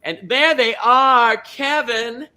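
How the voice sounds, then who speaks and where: A man's voice: very high-pitched, steady tone, slow, sharp tone, clean tone, full character voice. A man playing a chatty middle-aged small-town lady who hosts a comedy bingo show, gushing and rambling, tripping over names, on a video call. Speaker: host. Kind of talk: comedic drag character hosting.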